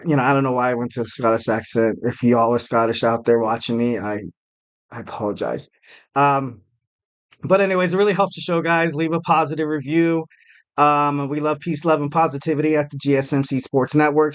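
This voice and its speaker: A man hosts a wrestling podcast in a loose, chatty way. His voice sits a bit high for a man. He rambles with fillers and restarts and pokes fun at himself. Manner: chatty, many fillers and restarts, jokey self-mockery. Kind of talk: casual podcast commentary.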